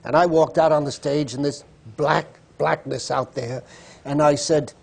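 An older man on a panel tells a casual, wry story about an audition. His voice is husky and sits a little high. He chuckles at his own tale. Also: steady tone, unhurried. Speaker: stage actor on a panel. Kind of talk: casual anecdote telling.

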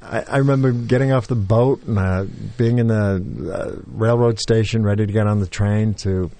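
Older guy, low voice, born in england but sounds american, rambly storytelling w/ lots of uhs. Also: steady tone, moderate pace, warm tone, no room sound. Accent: General American. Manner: reflective storytelling with many fillers and restarts. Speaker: interview guest. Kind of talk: conversational interview.

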